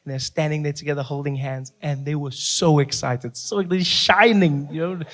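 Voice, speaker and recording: A man telling stand-up stories to a live audience, animated and acting out his characters. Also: a little high, normal speed. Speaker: stand-up comedian. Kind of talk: stand-up comedy storytelling. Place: comedy venue with a live audience.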